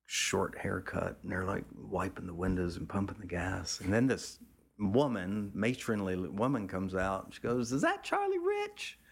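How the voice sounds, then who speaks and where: In a creaky, husky voice, a male photographer tells a casual, meandering story, frequently starting over and dropping the odd swear word. When quoting others, he raises his pitch to act out their lines.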